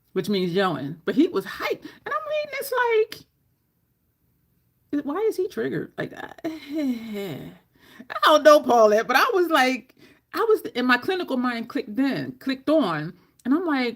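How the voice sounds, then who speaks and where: A fairly high-voiced woman tells a long story while she works through a makeup tutorial. She talks in a loose, casual way, swears freely, laughs often, and jumps into the voices of the people she quotes. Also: fairly bright tone. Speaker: makeup vlogger.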